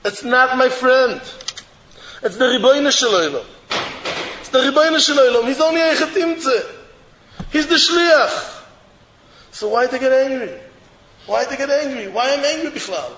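High-voiced preacher in an echoey hall. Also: male voice, animated, normal speed, pauses often, slight background noise. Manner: emphatic, repeats rhetorical questions, sometimes shouts. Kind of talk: sermon. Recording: echoey hall with faint ambience.

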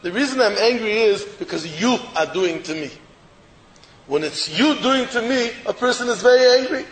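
Male rabbi, high-pitched, lively repetitive sermon delivery; recorded in an echoey hall. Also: normal speed, a little hiss or hum. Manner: animated, repeats phrases for emphasis. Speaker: rabbi giving a Torah talk. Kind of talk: storytelling sermon. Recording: echoey hall with long reverb.

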